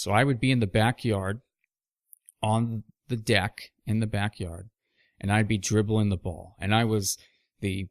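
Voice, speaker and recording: Podcast host, male, lower pitch, reflective storyteller with asides, dry recording. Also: no room sound. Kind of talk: casual monologue.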